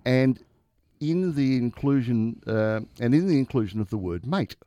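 Lively older Australian man chatting. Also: medium pitch, normal speed, no room sound, muffled recording. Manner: chatty, laughs often. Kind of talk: casual chat.

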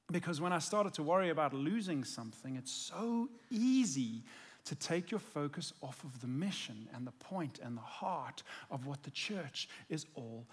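A man's voice: fairly high pitch, slightly rough. A male pastor giving a conversational sermon, earnest and emphatic as he tells a personal story.

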